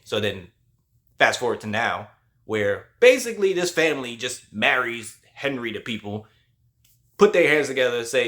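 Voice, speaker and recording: A man's voice: medium pitch, lively intonation, fairly quick, fairly bright tone. A male host giving a casual spoiler movie review, retelling the plot in a loose, slangy way with lots of "like".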